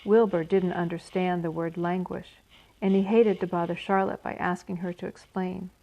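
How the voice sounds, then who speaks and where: A woman storyteller reading a children's book aloud in a steady, unhurried manner. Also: lowish voice, vocal fry, highs cut off.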